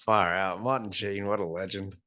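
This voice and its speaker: A man's voice: sits low, fairly even intonation, moderate pace, pushed and bright. Laid-back man, laughing guest. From Australia. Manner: laughs often, swears casually. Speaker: podcast guest. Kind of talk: casual chat.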